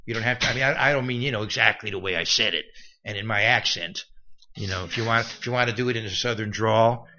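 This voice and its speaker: A man's voice: lowish voice, quick pace, sharp tone, highs cut off, a little hiss or hum. A man preaching a conversational Bible teaching, with frequent restarts and asides.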